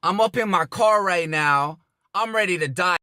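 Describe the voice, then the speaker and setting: High, bright-voiced slangy man. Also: moderate pace, clear, resonant tone, no echo, studio quality. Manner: slangy, keeps saying "bro". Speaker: YouTuber. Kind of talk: casual vlog rant to camera.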